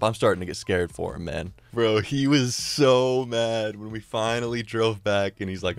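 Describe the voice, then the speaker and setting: A young man casually narrating a story in a slangy, profane, excitable way. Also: normal speed, vocal fry, hardly any pauses, clean tone, no echo. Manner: excitable, slangy and profane, often rising in pitch and volume. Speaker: storyteller YouTuber.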